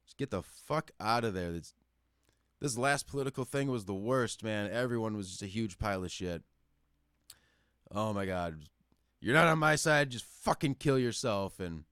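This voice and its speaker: A man's voice: fairly low pitch, clean tone, dry recording. Profane, ranting man on a dry mic. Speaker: call-in show host. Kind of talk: casual rant. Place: lives in the Upper Midwest.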